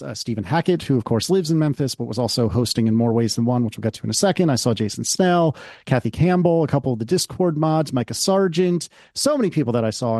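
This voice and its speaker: A man's voice: medium pitch, a little mellow, no room sound. Guy cohosting a podcast, wry rambly chat, dead dry close mic. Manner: chatty, wry, rambling asides. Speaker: podcast co-host. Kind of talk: casual chat.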